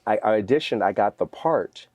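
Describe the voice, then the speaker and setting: A man telling lively stories as a guest in a podcast interview, acting out what others said. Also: on the low side, a little fast, highs cut off. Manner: energetic, animated storyteller acting out quotes. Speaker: guest, fitness trainer.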